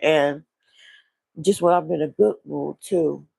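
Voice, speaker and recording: A woman with a heavily gravelly, fry-laden voice talks her way through a confessional vlog. Her speech is husky and halting, full of restarts, and she sounds low and vulnerable. The sound is dry and close. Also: a little mellow, dry recording. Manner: rambling, halting, with repeated restarts. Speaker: vlogger. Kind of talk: casual confessional monologue.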